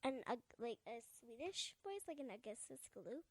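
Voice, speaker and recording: A woman's voice: on the high side, sing-song, moderate pace. A young woman guest in a casual podcast chat, giggly and playful.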